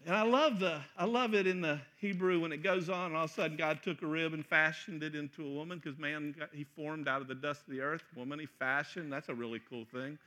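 A middle-aged man preaching a sermon, joking and acting out scenes, sometimes breaking into loud shouts. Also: on the high side, quick pace, few pauses. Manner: animated, joking, acts out voices with loud shouts. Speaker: pastor.

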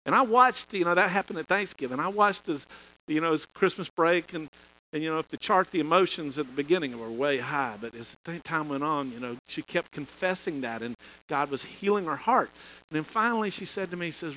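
Folksy pastor, bright voice. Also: male voice, a little high, lively intonation, fairly quick, slight background noise, rough recording. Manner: folksy, chuckling, restarts phrases. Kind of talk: storytelling sermon.

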